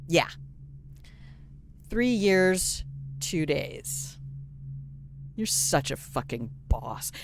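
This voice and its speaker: A woman's voice: low voice, very animated, very slow, gravelly, pauses often, slight background noise. An older woman streaming a video game live, chatting casually, swearing now and then and reading in-game notes aloud. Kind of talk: casual live gameplay commentary.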